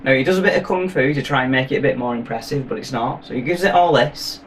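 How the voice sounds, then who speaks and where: A man's voice: medium pitch, quick pace. Profane man recapping a film. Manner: rambling, profane, jokey. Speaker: film reviewer. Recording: voice from a distance, faint noise.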